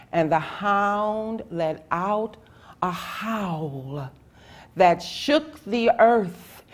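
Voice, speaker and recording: A woman storyteller telling a folk tale in a slow, dramatic way, with long pauses and rhythmic repetition. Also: lowish voice. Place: public library event.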